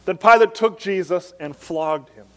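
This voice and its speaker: A male pastor preaching a Sunday morning sermon, earnest and emphatic, slowing down to stress key phrases. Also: sits high, fairly bright tone, slight background noise. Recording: long church reverb.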